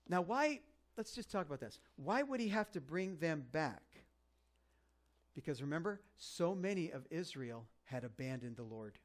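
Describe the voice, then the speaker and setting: A man preaching a conversational sermon as pastor, joking and animated, with lots of fillers and restarts. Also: a little high.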